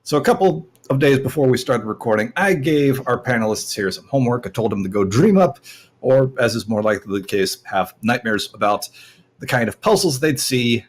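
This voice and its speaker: A man's voice: mid-range voice, lively intonation, brisk. A man hosting a casual panel chat, with playful, theatrical emphasis. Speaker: podcast host. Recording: captured through desktop audio.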